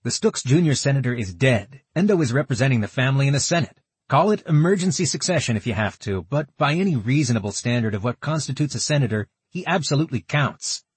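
An indignant young adventurer who argues every point and distrusts strangers, as a man voices him. Husky voice with animated pitch, close and dry. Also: fast talker, few pauses, dry recording. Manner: indignant, argumentative.

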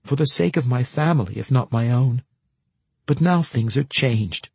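A man's voice: medium pitch, lively intonation, moderate pace, creaky, a little mellow, slightly rough, no room sound, pitched above the performer's own voice. A man voicing a determined young peasant woman who speaks in an earnest, pleading way.

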